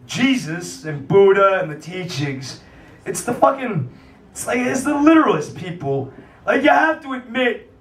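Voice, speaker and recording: A man's voice: high-pitched, a bit bright, distant mic. A man hosting a live music night, ranting profanely with rambling filler-heavy talk, then introducing the next act, in a small cafe venue. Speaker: festival host and MC. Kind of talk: stand-up rant and act introduction. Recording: roomy live room, mic from afar.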